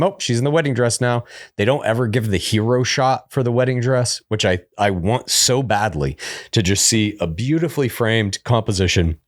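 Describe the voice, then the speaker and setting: A man's voice: mid-range voice, no echo, studio quality. A man co-hosting a podcast, chatting casually and giving opinionated takes on how a reality show is filmed. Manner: opinionated, talks about camera framing, joking. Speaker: podcast co-host.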